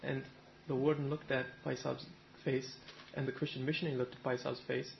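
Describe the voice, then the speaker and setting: A male preacher giving a sermon, his voice gravelly with a fair amount of fry. He tells a story in an even, level delivery and reads the characters' words without acting them out. The recording sounds dull and lo-fi, with faint noise in the background. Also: mid-range voice, brisk. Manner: retells a story, voicing the people in it plainly. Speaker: Sikh preacher.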